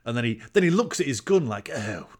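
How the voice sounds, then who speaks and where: A man's voice: mid-range voice, sing-song, fast talker. A man co-hosting a casual chat, recounting film scenes in an amused, chatty way. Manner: amused, chatty, laughs often. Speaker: podcast co-host.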